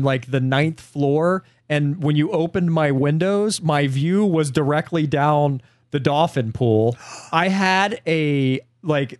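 Podcast cohost dude, rambles through his stories, slightly higher voice. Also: no echo, clean studio sound. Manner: chatty, digressive anecdote teller who swears casually. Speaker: podcast co-host. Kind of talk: casual podcast chat.

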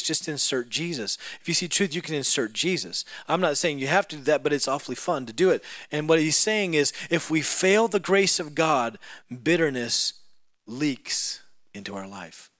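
A man preaching a sermon in a church, telling a story with lively acted-out voices that rise to loud peaks. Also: on the high side, dry recording.

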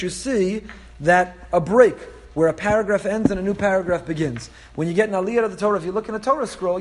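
Rabbi teaching Torah: high male voice, animated, explanatory, full of Hebrew terms. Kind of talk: Torah class lecture.

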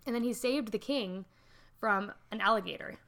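Animated woman podcast host telling history. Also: mid-range voice, normal speed, creaky. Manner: animated, swears freely, laughs often. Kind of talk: casual storytelling chat.

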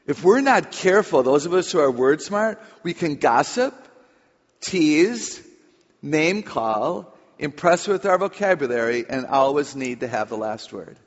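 A woman's voice: deep voice, lively intonation, unhurried. Chatty woman speaker in an echoey hall. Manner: chatty, playful, audience-engaging. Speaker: author and speaker on children. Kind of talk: humorous talk to a live audience. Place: large hall with audience. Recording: echoey hall, dull lo-fi sound.

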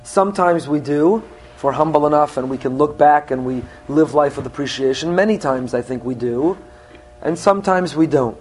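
A middle-aged man preaches a sermon in a slightly high voice. He teaches earnestly and drops Hebrew phrases into his English, climbing in pitch when he stresses a point. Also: normal speed, a little mellow, husky. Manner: earnest teaching, with rising emphasis on key points. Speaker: rabbi.

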